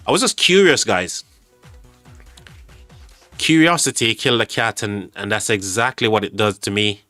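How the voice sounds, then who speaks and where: A man hosting a live game stream, chatting with viewers in an excitable, stammering way and thanking them often. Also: lowish voice, no echo. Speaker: game livestream host.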